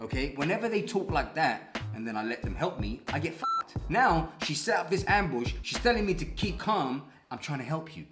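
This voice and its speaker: A man's voice: a little high, sing-song, fast talker. A man talking to camera about a legal fight, aggrieved and emphatic, often acting out both sides of a conversation. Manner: aggrieved, emphatic, talks in quoted dialogue. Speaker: vlogger. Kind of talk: commentary to camera. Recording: echoey room with background music.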